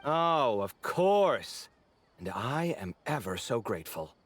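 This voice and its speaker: A lively, exasperated young architect. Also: male voice, mid-range voice, slow pace, faint music behind. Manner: expressive, exasperated sarcasm. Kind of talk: game voice acting.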